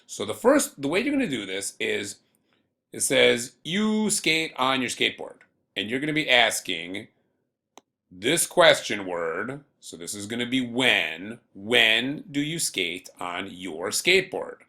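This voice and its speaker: A man teaching a beginner Spanish lesson to students at home, speaking patiently and slowly and repeating words for learners. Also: medium pitch, sing-song, creaky, pushed and bright. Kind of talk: recorded remote classroom lesson.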